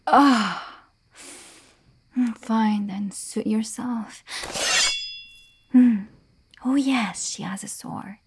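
A woman's voice: on the high side, drawn-out words, long pauses, a little mellow, slight background noise. A young woman playing a defiant, haughty noblewoman with a sword in a whispered role-play. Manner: haughty, demanding.

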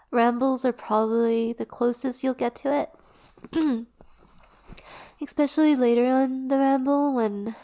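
Drowsy woman rambling softly, half-whispering. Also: on the high side. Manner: soft, slow and sleepy, often dropping into a whisper. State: drowsy, lying down. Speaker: audio performer and creator. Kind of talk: relaxed casual ramble.

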